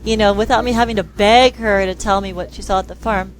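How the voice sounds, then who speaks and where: A woman speech therapist talking in an interview, lively and quick to act out the voices of children and parents. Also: medium pitch, a little hiss or hum, rough recording. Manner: lively, acts out quoted dialogue in voices. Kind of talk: conversational interview.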